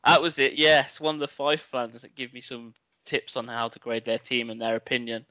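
A man's voice: mid-range voice, flat delivery, normal speed, bright, forceful tone, no room sound. A man co-hosting a casual podcast, chatty and jokey in his banter. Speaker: podcast co-host. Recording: dry, close sound.

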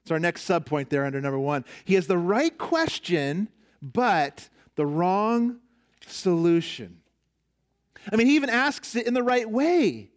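A man's voice: high voice, big pitch swings, measured pace. A man preaching a sermon as a pastor, emphatic, repeating key phrases and asking the congregation rhetorical questions.

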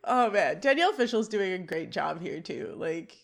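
A woman's voice: fairly low pitch, big pitch swings, moderate pace, gravelly. Laughing woman recapping scenes. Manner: reads scene recaps aloud, laughs often. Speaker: podcast co-host. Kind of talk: casual recap chat.

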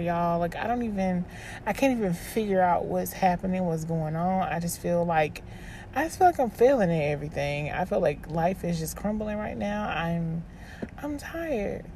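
Podcast host, woman, lowish voice, exhausted, halting monologue diary. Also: dark tone, slight background noise. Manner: weary, halting, restarts and trailing off.

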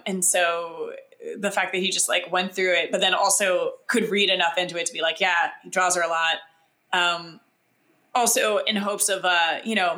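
A young woman co-hosting a casual podcast, chatting about a TV episode. Her tone is bright and forceful, and she talks in an animated way with plenty of fillers. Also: fairly low pitch. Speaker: podcast co-host. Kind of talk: casual chat recapping a TV episode.

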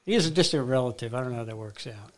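A man's voice: medium pitch, expressive, very fast. A man co-hosting a podcast, telling stories in casual, rambling chat with frequent restarts. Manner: rambling, self-interrupting storyteller. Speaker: podcast co-host.

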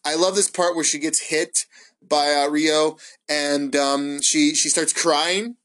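A man's voice: fairly high pitch, takes it slowly. Profane, rambling man reviewing wrestling. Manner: profane, excitable, rambling with many fillers. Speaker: wrestling podcast host. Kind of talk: casual solo ramble review.

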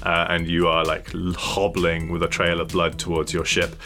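A man's voice: sits low, monotone, moderate pace, bright, forceful tone. A man narrating a tabletop game as game master in a casual, rambling way full of fillers. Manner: rambling, full of likes and uhs.

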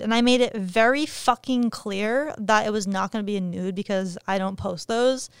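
A woman's voice: medium pitch, moderate pace, few pauses, clean tone, no room sound, clean studio sound. A young adult woman hosting her own podcast in frank, profane, jokey casual chat. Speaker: podcast host.

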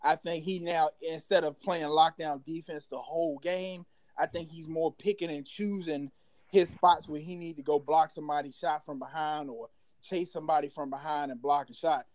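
A man with a fairly high voice hosts a casual sports discussion and calls on his panelists by name. The sound is dry and close. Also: fairly even intonation, normal speed, no echo. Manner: calls on panelists by name, loud when calling out. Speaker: host. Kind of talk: casual sports talk show.

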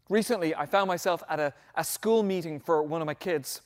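A middle-aged man preaching a sermon, telling a personal story earnestly, swelling louder on key phrases and dropping almost to a whisper. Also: fairly high pitch, fairly quick, hardly any pauses. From Ireland. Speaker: pastor.

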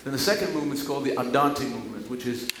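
A man preaching a sermon to a congregation, swinging between loud, emphatic scripture reading and quiet, chatty asides. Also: mid-range voice, very fast, noisy background. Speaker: pastor. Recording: echoey room with faint ambience.

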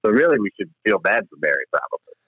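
A man's voice: on the low side, very animated, fast, slightly rough, no room sound, muffled recording. A laid-back man co-hosting a podcast, chatting crudely about a movie. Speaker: podcast co-host. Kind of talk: casual movie-review chat.

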